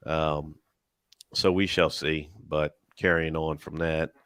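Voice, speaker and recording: A man's voice: rumbling low, flat delivery, takes it slowly, a bit bright, clean tone, dry recording. A man co-hosting a live panel chat, telling stories in a dry, rambling way and laughing between lines. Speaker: YouTuber and live panel co-host. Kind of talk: casual chat.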